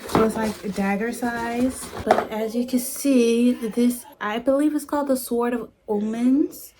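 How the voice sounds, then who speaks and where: A young woman chatting casually to her phone camera as a vlogger, self-teasing and sometimes dropping to a hush. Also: on the high side, steady tone, measured pace, background noise. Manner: chatty and self-teasing, drifting to hushed tones. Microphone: phone front camera.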